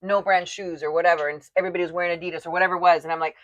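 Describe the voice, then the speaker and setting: A woman's voice: lowish voice, flat delivery, rapid-fire, dry recording, dull audio. A woman co-hosting a casual chat show, talking in a chatty, rambling way with restarts. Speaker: co-host.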